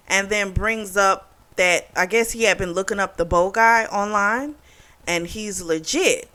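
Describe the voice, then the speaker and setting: A woman's voice: mid-range voice, measured pace, pushed and bright. A woman hosting a book club, retelling a novel's plot in a casual, profane, indignant way and voicing the characters' quotes. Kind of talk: casual book review recap.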